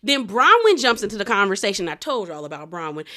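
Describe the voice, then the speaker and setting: Bright, animated woman recapping reality TV. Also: mid-range voice, fast talker. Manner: animated storytelling, acting out quotes from the cast; laughs between remarks. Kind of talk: casual episode recap.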